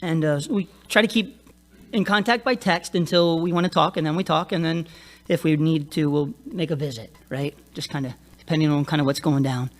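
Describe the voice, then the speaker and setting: A man's voice: a little high, fairly quick, soft background music. A middle-aged male pastor preaching a sermon in a conversational way, often checking in with the congregation. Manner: conversational, laughs often, frequent "right?" tag.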